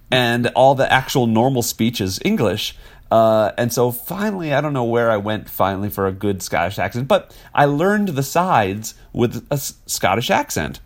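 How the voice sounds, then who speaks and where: A man in his forties from Wisconsin, an actor telling stories in a casual interview, rambling with many fillers. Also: mid-range voice. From Wisconsin, USA. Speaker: actor guest.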